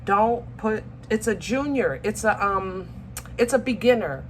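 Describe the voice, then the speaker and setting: A woman's voice: medium pitch, lively intonation, a little slow, a little hiss or hum. Chatty woman giving a tarot reading. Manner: chatty, affectionate, calls viewers baby and y'all; searches for words, many ums and restarts. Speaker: tarot reader. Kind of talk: casual tarot reading to viewers.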